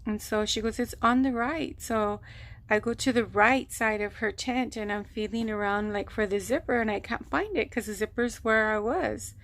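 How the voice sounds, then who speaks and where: A woman telling a long personal story on her vlog, rambling and animated, acting out what people said. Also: fairly high pitch, moderate pace. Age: adult, mother of a grown son. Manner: rambling, animated retelling with quoted voices. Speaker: vlogger. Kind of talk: casual storytelling.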